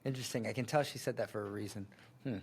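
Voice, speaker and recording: A man in his thirties hosting a reaction breakdown of a sales pitch, full of sarcastic asides and laughter. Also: fairly even intonation, very fast, vocal fry, slight background noise. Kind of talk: reaction commentary.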